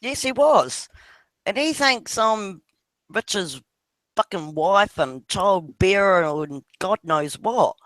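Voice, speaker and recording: His voice sits high and a bit bright, animated yet slow, in a dry recording. The speaker, a father with a New Zealand accent, laughs often and swears offhandedly while chatting with a friend about his kids on an online video hangout.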